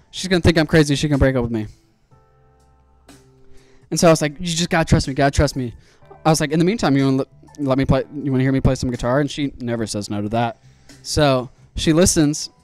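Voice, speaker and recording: Young male streamer, animated and profane, pitched a bit high, light music bed. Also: no echo. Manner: animated, swearing, excitable storyteller. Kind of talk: casual storytelling while building a PC.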